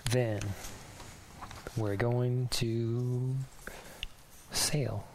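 A man's voice: medium pitch, little pitch movement, very slow, darkish tone. A man preaching a casual, chatty sermon who laughs often, with a faint hiss on the recording. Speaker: pastor.

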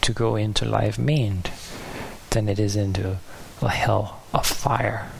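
A man's voice: on the low side, steady tone, slow, vocal fry, background noise. A man preaching a sermon in an earnest, searching way, sometimes losing his place and restarting.

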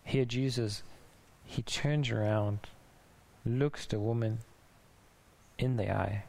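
A man preaching a sermon in a conversational, musing way, restarting thoughts and now and then laughing softly. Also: mid-range voice, slow pace, creaky, long pauses. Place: church in Denmark.

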